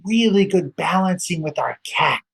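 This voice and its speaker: A man's voice: high voice, animated, moderate pace, vocal fry, slightly rough. A man leading a children's yoga storytime, playful and encouraging, with little sound effects along the way. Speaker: kids' yoga instructor.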